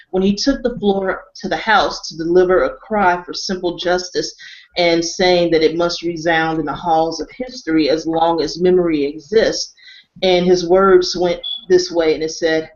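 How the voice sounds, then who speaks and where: A woman hosting a webcast panel discussion, wrapping up in a measured, conversational way. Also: on the low side. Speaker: webcast host. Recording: dull lo-fi webcast audio.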